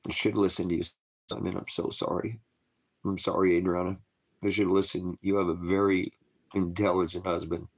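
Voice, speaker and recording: A man with a low voice speaks at normal speed in a flat delivery, recording an emotional video appeal as a father. Distraught and self-blaming, he's crying, his voice breaking as he struggles to keep his composure.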